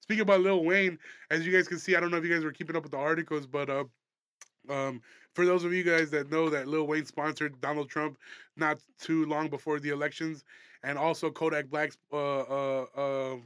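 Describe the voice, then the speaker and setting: Young man, comedy podcast host, loose and profane, bright tone, dry close recording. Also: a little high, flat delivery, a little fast, smooth, no echo. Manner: loose, profane, laughing often, rambling. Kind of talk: casual comedy podcast chat.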